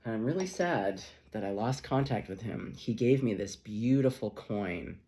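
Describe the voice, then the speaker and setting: A man's voice: fairly low pitch, animated, normal speed, dark tone. A man reading tarot who tells a long, rambling personal story in a chatty vlog, swearing casually and laughing often. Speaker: tarot reader.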